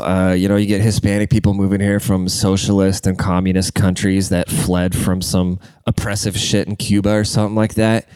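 A man's voice: sits low, a little mellow, smooth, no room sound. Congested man in a crude, rambling rant. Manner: crude, rambling, swears constantly. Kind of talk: casual profane rant.

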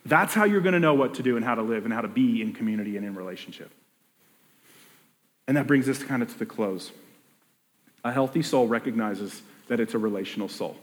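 A man's voice: mid-range voice, lively intonation, a little fast, pauses often, long reverb tail. A man preaching a sermon in a casual, conversational way, often restarting his sentences and acting out people's inner voices. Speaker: pastor.

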